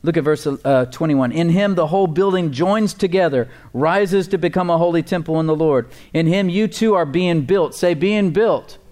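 A man's voice: fairly high pitch, moderate pace, hardly any pauses, a little mellow. A man preaching a sermon as pastor, emphatic, with call-and-response asides and repeated words for emphasis.

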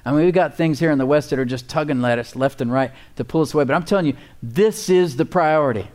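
A man's voice: a little high, fast, a little mellow. A man preaching a sermon as pastor, emphatic, with call-and-response asides and repeated words for emphasis.

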